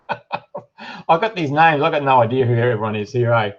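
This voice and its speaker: A man's voice: medium pitch, normal speed. Chatty Australian man, dull lo-fi stream. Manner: chatty, reads viewer comments aloud, lots of ums and uhs. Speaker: livestream host and shop owner. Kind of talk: casual live-stream chat.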